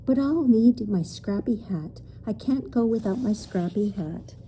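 A woman's voice: expressive, a little slow, mellow, slight background noise. A woman voicing a timid but plucky young girl in a storybook reading. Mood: resigned. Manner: high, anxious pleading.

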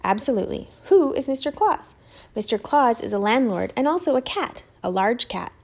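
A woman's voice: fairly high pitch, very animated, moderate pace, darkish tone, slightly rough, heavily acted. A woman doing an earnest, rattled storybook dad. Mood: rambling. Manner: earnest, rambling. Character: earnest, rattled, kindly father.

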